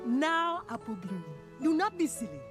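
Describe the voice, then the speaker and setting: A woman's voice: high voice, sing-song, normal speed, over music. A woman voicing a wise female zebra healer in a cartoon, speaking in a sing-song rhyming way. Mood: kindly.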